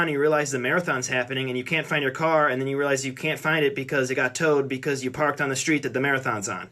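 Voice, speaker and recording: A man rapidly recounting a party story in second person, acting out what people said along the way. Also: medium pitch, fairly even intonation, fairly bright tone. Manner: breathless run-on recounting, acts out quoted people. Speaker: storyteller in a social video.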